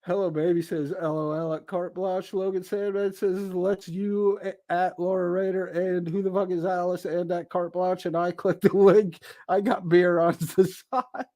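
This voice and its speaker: A man's voice: high voice, flat delivery, normal speed, hardly any pauses, mellow, dry recording. A man hosting a livestream, reading viewer comments aloud with crude jokes and frequent laughter. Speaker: livestream host reading chat. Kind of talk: casual livestream chat reading.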